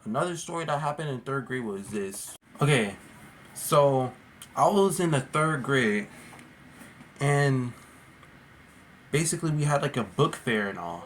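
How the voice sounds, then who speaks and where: A man's voice: mid-range voice, expressive, unhurried, pauses often, a little hiss or hum. A man casually telling a storytime vlog, rambling and slangy, full of "like" and "bro". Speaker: vlogger.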